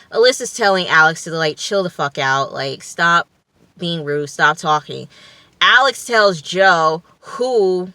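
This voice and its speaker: A woman's voice: lowish voice, unhurried, pushed and bright, clean tone, no room sound. A woman recapping a reality TV episode in a casual vlog, blunt, profane and opinionated, with plenty of fillers. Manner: chatty with frequent fillers. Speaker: TV reality show reviewer.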